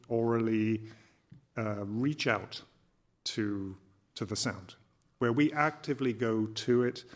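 A man speaking as a panel guest, explaining ideas in a thoughtful, measured way. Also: mid-range voice. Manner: thoughtful, explanatory, with soft laughs. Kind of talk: reflective panel discussion.

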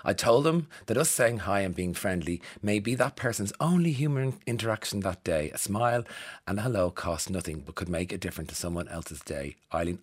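An Irish man hosts a radio show with a low, easy voice. He chats casually, pokes fun at himself and laughs as he reads listeners' texts. His voice is close and dry, with no room around it. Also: big pitch swings, a little fast, breathy edge, no room sound. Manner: chatty, self-mocking, laughs often. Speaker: radio host.

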